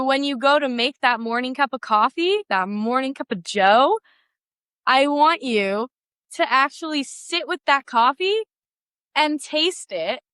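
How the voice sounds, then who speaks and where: A woman's voice: on the high side, pushed and bright, clean tone, dry recording. A young woman hosting a solo podcast in a casual, bubbly, gushing way with lots of filler words. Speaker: podcast host.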